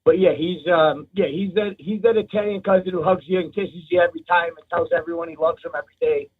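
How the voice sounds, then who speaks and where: A man calls in to a talk show and chats loosely, swearing freely. His voice sits high with a steady tone and a breathy edge, and he talks fast over a tinny phone line.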